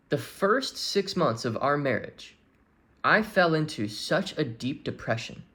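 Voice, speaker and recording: A young man speaking candidly to his audience, earnest and open, with halting restarts as he searches for words. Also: medium pitch, a bit bright. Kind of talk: candid personal confession.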